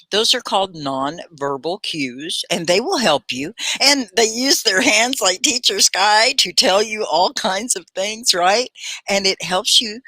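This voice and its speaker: A woman hosting a live online English lesson, chatty and animated, laughing often and slowing down to stress key words. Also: medium pitch, no room sound. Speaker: ESL teacher and livestream host.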